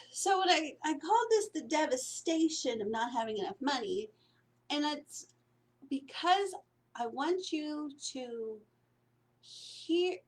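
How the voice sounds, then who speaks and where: A woman with a high voice talks through spiritual prosperity like a coach chatting with clients. She meanders and repeats herself, often checking in with a quick "right?" The delivery is loose, casual and motivational.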